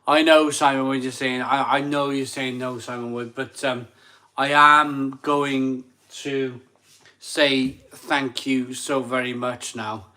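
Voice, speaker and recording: A man's voice: medium pitch, level tone, slow pace, sharp tone. A man hosting a live stream, a bit drunk and tired, rambling and repeating himself as he reads out viewer messages. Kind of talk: casual live chat reading super chats.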